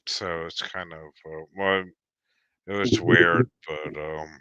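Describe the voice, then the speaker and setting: A man with a low voice tells a meandering story at an unhurried pace, stopping often for ums and restarts. His voice sounds bright and clear. The recording is dry and close. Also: fairly even intonation, no room sound, muffled recording. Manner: rambling storyteller with many fillers and restarts. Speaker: live stream panelist. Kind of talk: casual chat.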